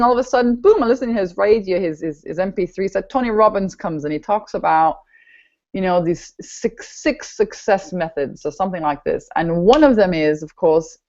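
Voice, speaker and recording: A woman hosting an interview podcast, talking in an animated, emphatic way and often repeating her words. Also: mid-range voice, normal speed. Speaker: podcast host. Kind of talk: enthusiastic interview chat. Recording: dull lo-fi audio.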